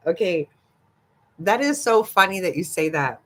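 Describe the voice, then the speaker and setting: Slow-talking older woman, giggly and gossipy. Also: fairly low pitch, big pitch swings, fairly bright tone. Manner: giggly, gossipy, talks back to chat. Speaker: livestream host. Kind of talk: casual live chat with viewers.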